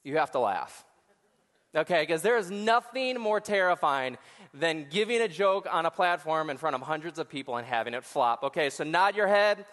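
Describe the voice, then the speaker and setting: A man's voice: a little high, lively intonation, normal speed, fairly bright tone, in a large hall. A male associate pastor giving a joking, crowd-engaging sermon to a large church audience. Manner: joking, talks back to the crowd. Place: church auditorium before hundreds of people.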